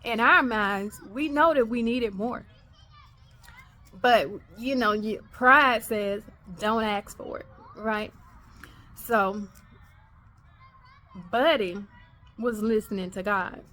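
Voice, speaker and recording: A woman's voice: a little high, takes it slowly, long pauses, a little hiss or hum. Woman telling a personal story. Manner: animated, acts out quoted dialogue. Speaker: podcast host.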